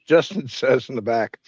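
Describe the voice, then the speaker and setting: A man chats on a livestream with a bouncy, up-and-down voice, sarcastic and quick to joke, with casual swearing. His mic sounds dull and lo-fi, with a dry, close sound and no room echo. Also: medium pitch, husky. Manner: sarcastic, jokey, swears freely. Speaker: co-host on a livestream.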